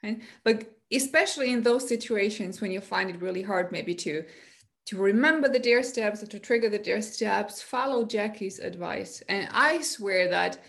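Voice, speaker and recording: A woman anxiety coach on a podcast, telling personal stories in a lively, energetic way. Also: mid-range voice, normal speed, vocal fry. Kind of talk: podcast conversation.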